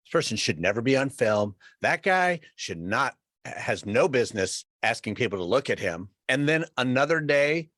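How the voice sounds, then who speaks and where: A man's voice: medium pitch, very animated, normal speed, fairly bright tone, no room sound, studio quality. A man co-hosting a podcast, candid and self-deprecating, swearing and acting out his own reactions. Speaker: podcast co-host. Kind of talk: casual chat.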